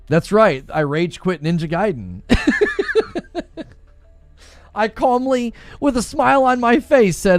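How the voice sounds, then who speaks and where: A man's voice: a little high, huge pitch swings, a little slow, no echo, soft background music. A man hosting a livestream, chatting casually and joking with his chat, laughing often and reading comments aloud. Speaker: livestream host.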